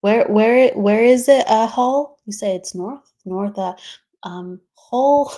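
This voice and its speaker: A woman's voice: on the high side, slow pace, dark tone. A woman hosting a spiritual livestream, chatting casually and greeting viewers by name with frequent laughs. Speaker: livestream host. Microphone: streaming setup, remote.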